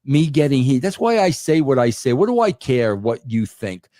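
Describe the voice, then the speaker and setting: A man's voice: mid-range voice, big pitch swings, moderate pace, dark tone, dry recording, clean studio sound. An older man in casual podcast chat, talking emphatically and saying "bro" often with many restarts. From New York. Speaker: podcast guest, former wrestling writer.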